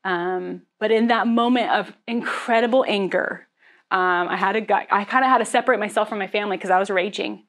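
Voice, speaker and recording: A young adult woman pastor delivers a sermon in an open, talkative way. She speaks at a middle pitch, laughs between lines, and leans on fillers and asides as she goes. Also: fairly quick, fairly bright tone. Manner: candid, conversational, laughs often, frequent fillers.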